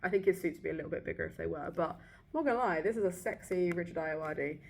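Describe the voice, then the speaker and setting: A woman's voice: on the low side, fast, gravelly, darkish tone, a little hiss or hum. A young British woman in casual vlog chat, ranting and swearing sarcastically about a book. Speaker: book vlogger. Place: hotel abroad.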